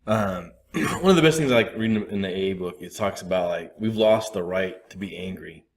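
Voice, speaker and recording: Man, 30s, low-pitched, rambling candid recovery talk with acted-out asides. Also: brisk, creaky. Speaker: recovery group speaker.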